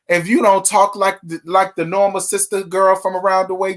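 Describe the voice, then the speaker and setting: A man's voice: high-pitched, little pitch movement, moderate pace, few pauses, fairly bright tone. Sassy, chatty gossip host, man. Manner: sassy, chatty, talks straight to viewers. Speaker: livestream host. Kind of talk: casual reality TV gossip livestream.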